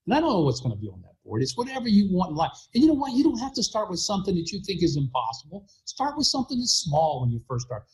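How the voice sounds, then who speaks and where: A man's voice: high voice, huge pitch swings, quick pace, few pauses, a little mellow, breathy edge, rough recording. A middle-aged man hosting a motivational talk, telling a story and acting out both sides of the dialogue. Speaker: host.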